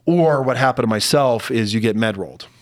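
A middle-aged man telling a personal story in conversation, candid and halting, at times close to tears. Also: mid-range voice, no echo. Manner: candid, halting, gets emotional. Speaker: podcast guest.

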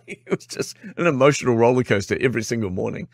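A man's voice: mid-range voice, brisk, no room sound, clean studio sound. A man from New Zealand with a New Zealand accent, a guest telling stories in a casual interview, acting out quotes and laughing often. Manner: animated storyteller, acts out quotes, laughs often.

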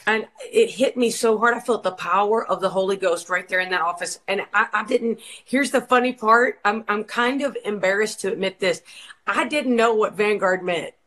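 A woman's voice: medium pitch, moderate pace, a bit bright, poor audio. A woman from Georgia, giving a passionate, preacher-like testimony about her ministry in an interview. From Georgia, USA. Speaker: worship leader and ministry co-founder.

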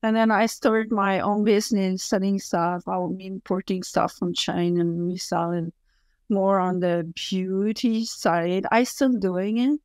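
A woman's voice: mid-range voice, fairly even intonation, darkish tone, clean tone, dry recording. A woman in her fifties from Quebec City, speaking English with a French Canadian accent as a guest in a casual interview, blunt and emphatic. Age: 50s. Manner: blunt, emphatic, deliberate phrasing.

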